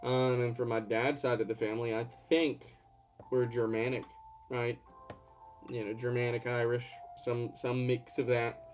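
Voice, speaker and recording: A man's voice: medium pitch, little pitch movement, measured pace, darkish tone, soft background music. A man from Georgia, chatting casually on a live stream and answering questions in a rambling way. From Georgia, USA. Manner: rambling, reads and answers chat. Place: at home.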